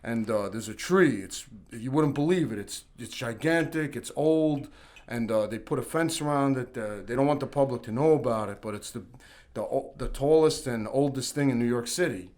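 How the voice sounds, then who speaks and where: A man doing his calm, easygoing father. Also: mid-range voice, moderate pace, natural voice. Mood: coaxing. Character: the speaker's middle-aged father, calm and matter-of-fact.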